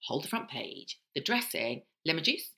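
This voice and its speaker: A middle-aged woman co-hosting a podcast, telling stories in a chatty, animated way. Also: deep voice, normal speed, vocal fry. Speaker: podcast co-host. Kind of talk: casual chat.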